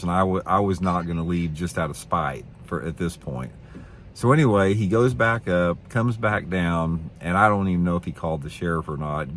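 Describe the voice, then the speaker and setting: A middle-aged professional bass angler tells a story to the camera, rambling, blunt, and opinionated, and repeating his words. A little hiss or hum is audible.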